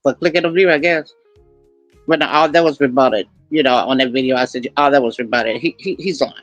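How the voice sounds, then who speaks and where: A man's voice: mid-range voice, brisk, a bit bright, no room sound, dull audio, soft background music. A male commentary host reacting skeptically to a clip, scoffing and repeating his points.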